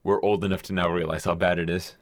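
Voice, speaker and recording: Young male co-host, low voice, dry close sound, loose storyteller who swears freely. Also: flat delivery, quick pace, no echo. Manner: rambling storyteller, swears casually, acts out quotes. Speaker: podcast co-host telling a story. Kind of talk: casual chat.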